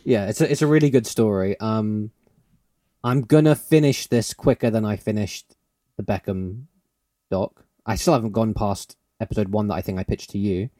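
Excitable, laughing man with a mellow voice. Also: fairly low pitch, moderate pace, dry recording, studio quality. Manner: excitable, swears a lot, laughs often. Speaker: podcast co-host. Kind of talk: casual chat.

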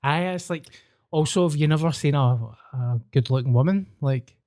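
A man's voice: on the high side, normal speed, warm tone, no room sound, clean studio sound. A Glaswegian man chatting on a podcast, mostly chiming in with short, blunt agreeing remarks. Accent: Glaswegian Scottish. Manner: brief agreeing interjections, blunt. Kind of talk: casual chat.

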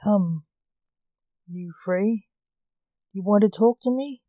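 A woman voicing an old male timekeeper, calm and knowing, who speaks in a matter-of-fact way in a storybook. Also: mid-range voice, takes it slowly, dry recording, phone-quality sound, close to an everyday voice.

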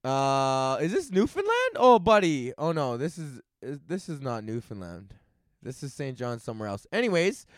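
A man's voice: mid-range voice, huge pitch swings, moderate pace, dry recording. A man hosting his own comedy podcast, ranting alone in a loose, profane way and often laughing at his own jokes. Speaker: podcast host. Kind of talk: solo comedic rant.

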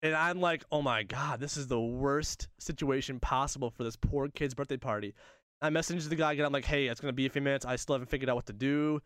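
A young man telling a funny story in casual chat, animated and laughing often, acting out the voices of the people in it. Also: mid-range voice, fast talker, clean tone, no room sound, clean studio sound.

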